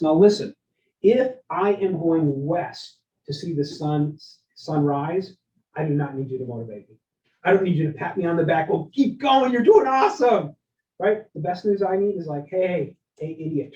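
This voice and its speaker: A middle-aged man giving a lively live leadership workshop talk, telling stories and checking in with the audience. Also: fairly high pitch. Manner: energetic, storytelling, keeps asking the audience "right?". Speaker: keynote speaker. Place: event room with live and online audience. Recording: roomy, distant, dull lo-fi sound.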